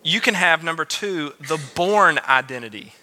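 A man in his late twenties giving a youth sermon, his high voice sharp and very bright. He talks casually, cracking jokes and throwing in playful asides between scripture readings. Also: animated, moderate pace. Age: late 20s. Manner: joking, conversational, playful asides. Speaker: youth pastor.

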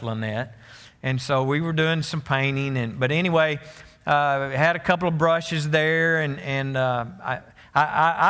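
In a church sanctuary, a male pastor delivers a sermon, spinning folksy stories full of restarts and side remarks to the congregation. His voice is medium-pitched and slightly bright, trailing a long reverb tail.

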